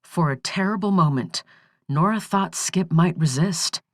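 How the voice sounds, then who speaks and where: A woman narrates a thriller audiobook in a steady, even storytelling manner. Her pace is very slow and her voice sits on the low side. The recording is dry and close, with no room sound. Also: no echo. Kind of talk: scripted narration.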